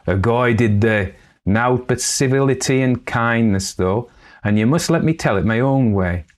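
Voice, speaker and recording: A man lifts his voice into a giddy young farm girl from the northern moors, speaking thick Northern English dialect. She rushes through her tale, eager and starry-eyed, in a voice pitched well above his usual low tone. A storybook reading with bright excitement. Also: close to an everyday voice. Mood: excited. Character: Laura, eager foolish young country girl.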